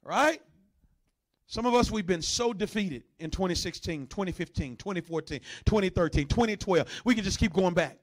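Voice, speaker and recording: A man preaching a sermon, with a notably high voice for a man. He moves from chatty asides to loud, soaring bursts, and now and then growls to mimic a dog. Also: moderate pace. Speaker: pastor.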